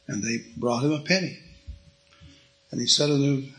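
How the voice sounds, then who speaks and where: A man teaching from the Bible in a folksy, conversational way. His voice has a gravelly rasp with a bright edge. He reads old scripture wording aloud between his own remarks. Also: medium pitch, fairly even intonation, unhurried, pauses often, poor audio.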